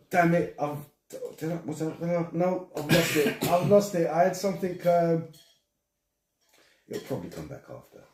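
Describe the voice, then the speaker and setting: Ranting older man, roomy echo. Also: on the high side. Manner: animated, swearing, ranting. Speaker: podcast host. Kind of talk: casual podcast chat. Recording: echoey room, distant from mic.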